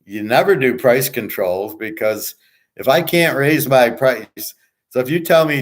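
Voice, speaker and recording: A man's voice: medium pitch, animated, normal speed. A middle-aged man ranting casually as a sports-picks host, blunt, boastful and profane, rambling from one point to the next. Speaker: sports betting tipster and host.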